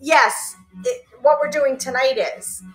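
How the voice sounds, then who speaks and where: A chatty woman hosts a live clothing sale, calling out sizes and joking with viewers. Her voice sits a little high, and faint music plays behind her. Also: slow pace, a bit bright. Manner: chatty, laughs often, calls out sizes to viewers. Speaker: live-stream seller host. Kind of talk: casual live-sale chat.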